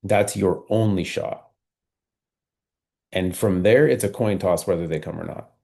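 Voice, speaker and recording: A man coaching a team on recruiting appointments over a video call, talking at a measured, steady pace and often tagging his points with "right?". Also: low voice, gravelly. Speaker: sales trainer.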